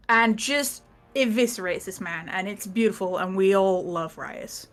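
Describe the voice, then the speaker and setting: A woman's voice: mid-range voice, lively intonation, moderate pace, a bit bright. A woman casually recapping the last session of a tabletop game, rambling, laughing and swearing as she quotes the characters.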